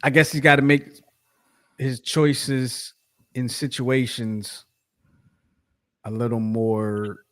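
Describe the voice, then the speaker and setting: Slow and flat, with long pauses, a man in the mid range co-hosts a sports podcast. He chats loosely, circling back on himself, restarting a lot, and leaning heavily on fillers.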